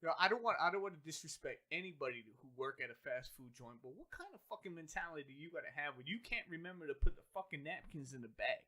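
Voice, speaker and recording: A man rants on a casual podcast, and his voice sits high. He talks in loose, animated bursts, full of slang and swearing. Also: fast, hardly any pauses. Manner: animated ranting, heavy profanity, slangy. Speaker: podcast co-host. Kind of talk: casual chat.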